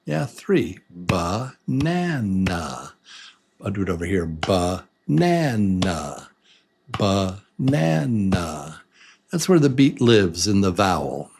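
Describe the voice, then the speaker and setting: A man teaching English to beginners, saying words slowly and breaking them into beats in an encouraging, patient way. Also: medium pitch. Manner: slow, drawn-out words broken into beats. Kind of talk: slow beginner lesson.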